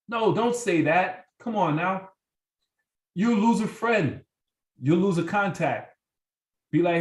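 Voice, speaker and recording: A man's voice: sits high, lively intonation, takes it slowly, long pauses, echoey room, distant mic, rough recording. A man leading a sales team training, coaching with energy and acting out sample phone calls. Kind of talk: motivational training talk.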